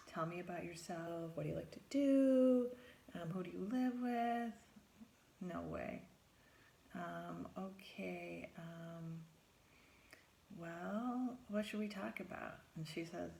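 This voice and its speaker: A middle-aged woman tells a personal story in a low voice with a gravelly edge. She speaks as a therapist recalling her work. She acts out her own lines a step higher and sinks to a hushed whisper for her private thoughts. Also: slow pace, a little hiss or hum.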